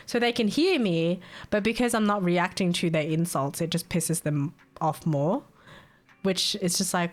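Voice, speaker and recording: A young woman streaming live, chatting casually and telling stories in an animated, exasperated way. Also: lowish voice, moderate pace. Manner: chatty, animated storytelling with laughs and exasperated asides. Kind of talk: casual chat.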